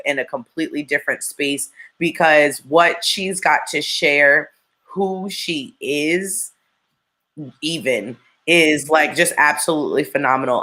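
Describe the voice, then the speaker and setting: A woman's voice: low-pitched, bright, forceful tone. A woman co-hosting a talk show, introducing a guest with gushing enthusiasm and lots of filler words. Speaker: co-host.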